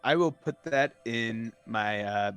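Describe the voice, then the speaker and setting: A man's voice: medium pitch, slow, fairly bright tone, clean tone. A man in casual banter as a tabletop game player, asking the game master questions and cracking jokes, with faint music in the background and a mid-range voice. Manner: joking, playful banter.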